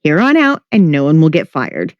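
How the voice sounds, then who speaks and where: A reader voicing a quick-tempered woman maid who scolds sharply, in a story reading. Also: medium pitch, big pitch swings, dry recording, dull audio, close to an everyday voice. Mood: scolding.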